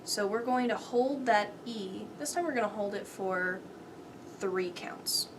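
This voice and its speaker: A woman's voice: mid-range voice, a little slow, noisy background. A woman piano teacher giving a step-by-step lesson, counting beats aloud and calling out rhythms. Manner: patient step-by-step instruction. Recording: piano playing loud under the voice.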